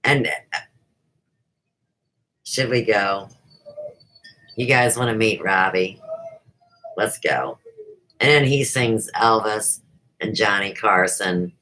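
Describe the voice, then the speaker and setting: A woman's voice: very deep voice, takes it slowly, long pauses, sharp tone, slight background noise, poor audio. A middle-aged woman hosting her own livestream show, talking off the cuff in an unrehearsed, rambling way that jumps from topic to topic. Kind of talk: unrehearsed casual livestream chat.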